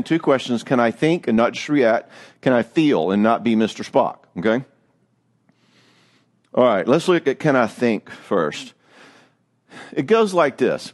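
A middle-aged man giving a church marriage seminar, a joking, self-deprecating storyteller. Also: medium pitch. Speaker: marriage speaker.

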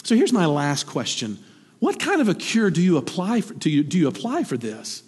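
A middle-aged man preaching a sermon from the pulpit, conversational and animated, often asking his listeners questions. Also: on the high side, moderate pace, breathy edge, big-room sound. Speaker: pastor. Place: church sanctuary.

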